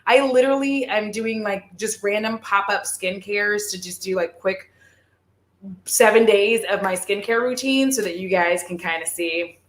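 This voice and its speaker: A woman's voice: medium pitch, normal speed. Giggly rambling woman on a live stream, lots of likes and ums, echoey room. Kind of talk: casual livestream chat.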